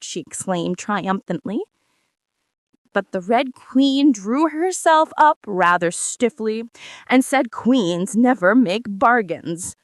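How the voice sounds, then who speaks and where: A woman reading a children's book aloud in a calm, soothing bedtime style. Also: mid-range voice, no echo. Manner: soothing, gentle, unhurried. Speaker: storybook reader.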